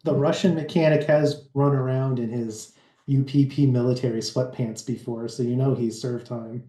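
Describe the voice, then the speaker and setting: A man's voice: medium pitch, fairly even intonation, normal speed, warm tone, reverberant. A man at a tabletop game, making matter-of-fact asides. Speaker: player.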